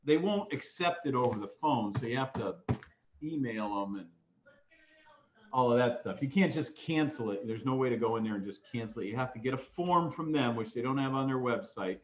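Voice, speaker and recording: Mid-voiced man, echoey room, wry deadpan banter. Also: medium pitch, fairly quick, muffled recording, a little hiss or hum. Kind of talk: casual group chat.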